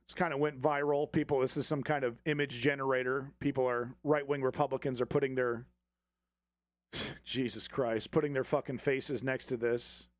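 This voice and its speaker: This man hosts a political commentary stream, ranting sarcastically, swearing often and mocking opponents in exaggerated put-on voices. His pitch is medium and his tone level, he speaks at a normal pace, and there's no echo.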